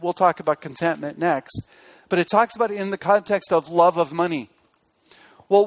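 Man preaching, a bit high-voiced, earnest, dips quiet on key lines, slightly dull recording. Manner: earnest preaching, drops soft on key phrases, rises to press a point. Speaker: pastor. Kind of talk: sermon.

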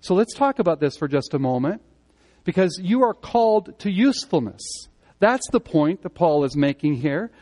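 A man giving a sermon as pastor, speaking conversationally and swinging between loud emphatic moments and quiet earnest ones. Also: fairly high pitch, sing-song, moderate pace. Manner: conversational preaching, rising and falling in emphasis.

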